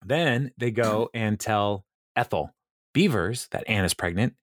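A man hosting a casual chat, retelling an episode in a halting, rambling way with frequent chuckles. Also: fairly low pitch, expressive, fairly bright tone, dry recording, clean studio sound. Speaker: podcast host recapping a TV episode.

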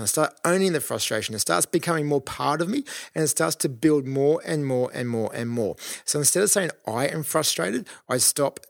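A man's voice: on the high side, dry recording, studio quality. A man hosting a solo podcast episode, talking in an earnest, encouraging way with frequent ums and restarts. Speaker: podcast host.

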